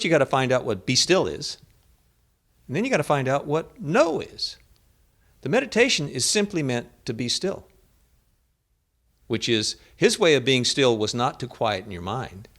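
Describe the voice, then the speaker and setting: Animated man leading a discussion. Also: mid-range voice, normal speed. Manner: animated storyteller, acts out quotes. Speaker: discussion leader. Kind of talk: lively spiritual group discussion.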